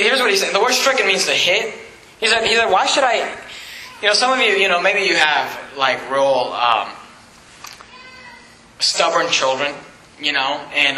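A man's voice: a little high, lively intonation, normal speed, sharp tone, roomy sound, a little hiss or hum, rough recording. A middle-aged man, a pastor, preaching a fervent, emphatic sermon in a church.

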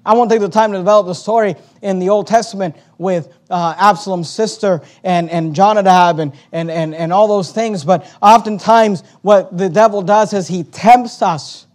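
Male pastor, very high-pitched, preaching style with forceful swells and repeated phrases. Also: normal speed, few pauses. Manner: preaching with surges of volume and emphatic repetition. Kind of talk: sermon.

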